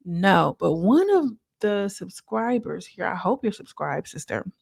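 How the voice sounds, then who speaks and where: A woman's voice: mid-range voice, sing-song, measured pace, creaky, hardly any pauses, husky, no room sound, clean studio sound. A woman reviewing a reality TV show in a casual, chatty recap, talking straight to her viewers. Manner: chatty, talks straight to viewers, acts out quotes.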